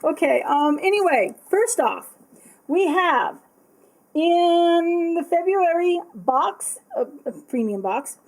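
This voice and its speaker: A bubbly, excitable woman chatting casually as she unboxes art supplies, often apologizing. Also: very high-pitched, slow, poor audio. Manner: reads product text aloud.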